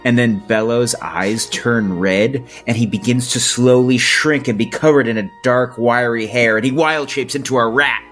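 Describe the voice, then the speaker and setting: A man playing a tabletop game, narrating his moves calmly and deadpan. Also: mid-range voice, moderate pace, hardly any pauses, faint music behind. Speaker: player.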